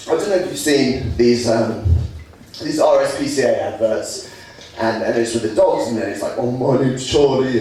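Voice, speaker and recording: A young man from England performing a stand-up comedy routine, lively, putting on high voices for the people he quotes. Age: young adult. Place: student comedy stage. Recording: echoey room from far off with audience laughter.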